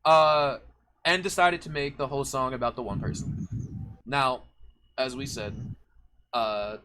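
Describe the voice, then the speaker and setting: A man chatting casually on a live stream about writing his band's lyrics, halting and restarting often. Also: mid-range voice, fairly even intonation, noisy background. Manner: halting, full of restarts and fillers. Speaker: band member, lyricist.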